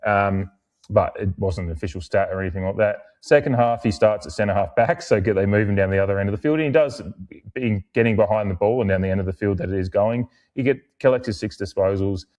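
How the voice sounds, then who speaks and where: A young adult man, co-hosting a casual podcast, rambling with many fillers and restarts. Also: fast. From Australia. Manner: mimics other people in animated, higher-pitched bursts while retelling. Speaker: podcast co-host.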